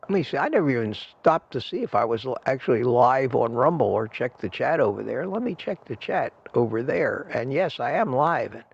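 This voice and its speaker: Older male stream host, gravelly, chatty and meandering; muffled home-desk recording. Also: medium pitch, sing-song, normal speed, hardly any pauses. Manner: reads chat aloud, thanks viewers, rambling. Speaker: livestream host. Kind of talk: casual livestream chat.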